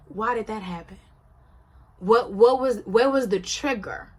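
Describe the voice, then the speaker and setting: A woman's voice: fairly high pitch, measured pace, darkish tone, husky. A woman casually commenting on a reality show, talking in an emphatic, conversational way and often checking whether the listener follows. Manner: conversational, emphatic, often asks "you see what I'm saying".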